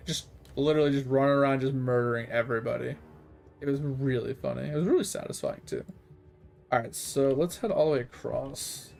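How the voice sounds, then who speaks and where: A man's voice: mid-range voice, brisk, creaky, darkish tone. A man streaming games, telling rambling, laid-back stories with casual swearing. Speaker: game streamer. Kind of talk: casual storytelling while gaming.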